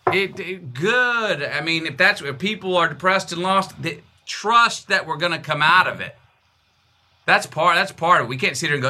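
A man's voice: lively intonation, moderate pace, bright, forceful tone. A man in his fifties with a Texan accent, talking as an interview guest in an emphatic, repeating way. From Texas. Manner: emphatic, repeats phrases, swings pitch widely. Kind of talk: conversational interview.

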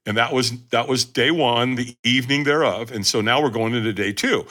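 With a medium-pitched voice and a slightly fast pace, a guest on a podcast narrates a story energetically and emphatically, often speaking straight to his listeners.

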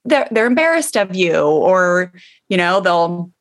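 A middle-aged woman hosting a parenting podcast, talking in a chatty, animated way with many fillers. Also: on the low side, unhurried. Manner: chatty, animated, many likes and you knows. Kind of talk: casual chat with promo read.

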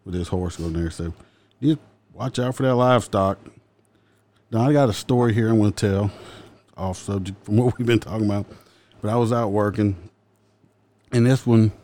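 A man's voice: lowish voice, moderate pace, long pauses, dark tone. A man with a Southern accent, a police officer, telling wry stories from his work in a casual chat and laughing at his own jokes.

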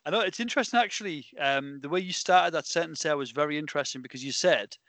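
A British man hosting a podcast, telling stories in a rambling, animated way with lots of fillers. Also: on the high side, quick pace, dry recording. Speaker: podcast host. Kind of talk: casual chat.

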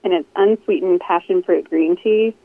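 A woman co-hosting a podcast, chatting quickly and enthusiastically. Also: lowish voice, dry recording. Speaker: podcast co-host. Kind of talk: casual chat. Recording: tinny phone line.

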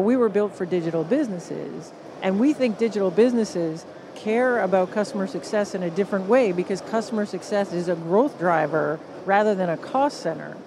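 A woman with a Canadian accent, a guest author on a live podcast stage, explaining ideas in an animated storytelling way and acting out what people said. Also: mid-range voice, noisy background. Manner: animated storyteller, acts out quoted reactions. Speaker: guest author and positioning consultant. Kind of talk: conversational interview on a podcast stage.

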